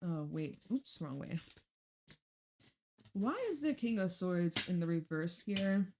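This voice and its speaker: A woman's voice: fairly low pitch, animated, slow pace, darkish tone, a little hiss or hum. Young female tarot reader, casual chat, rambly and profane, laughs a lot. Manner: chatty, rambling, laughs and swears freely.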